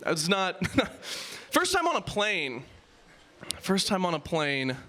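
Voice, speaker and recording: A man doing improvised stand-up comedy, riffing quickly and self-deprecatingly with the crowd on audience-suggested topics. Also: high-pitched, wildly swooping pitch, sharp tone.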